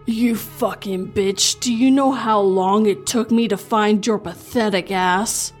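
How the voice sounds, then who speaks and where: A woman doing a gruff, booming angry man. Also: fairly even intonation, faint music behind, natural voice. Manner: slow, booming.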